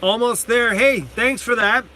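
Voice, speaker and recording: A man's voice: very high voice, unhurried, pushed and bright, slight background noise. A man hosting a casual livestream from inside his van, reading out viewer comments, laughing often and talking to his dog. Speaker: van-life channel host.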